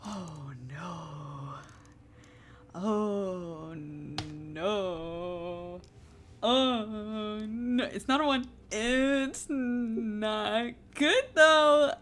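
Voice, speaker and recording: A woman's voice: medium pitch, very slow, fairly bright tone, slight background noise. A woman playing in a tabletop game, giggly and self-deprecating. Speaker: player.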